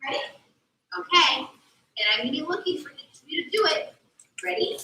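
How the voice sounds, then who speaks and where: Young woman mermaid host talking to kids, high bright voice, echoey far off mic. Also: normal speed, a little hiss or hum. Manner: animated, sing-song teacherly talk to children. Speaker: mermaid performer teaching children. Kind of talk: live aquarium show for kids. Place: aquarium tank area with audience. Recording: echoey room from far off, faint ambience.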